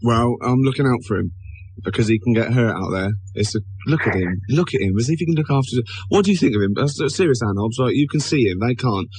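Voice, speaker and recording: A man's voice: mid-range voice, animated, fast talker, a little mellow, slightly rough, low-quality recording. A man co-hosting a comic radio show, teasing and mocking his co-host and callers and laughing often.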